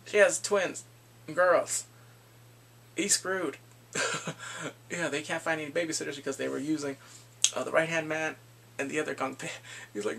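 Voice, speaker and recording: A man casually recapping a TV drama, animated and laughing often as he acts out lines. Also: fairly high pitch, moderate pace, gravelly, pauses often, slightly rough. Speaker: drama review vlogger.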